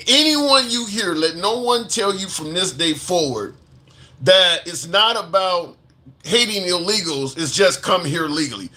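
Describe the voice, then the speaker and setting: A man hosting a live commentary stream speaks with indignant emphasis. He reads out viewer comments and repeats his points to drive them home. His voice sits high and sounds bright and forceful. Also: expressive, measured pace.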